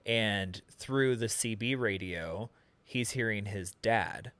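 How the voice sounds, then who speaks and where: A man co-hosting a podcast, casually explaining a book's version of a scene in a relaxed, explanatory way. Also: fairly low pitch, takes it slowly, no room sound. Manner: relaxed, explanatory, with "um" and "that sort of stuff". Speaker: podcast co-host. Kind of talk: casual book recap.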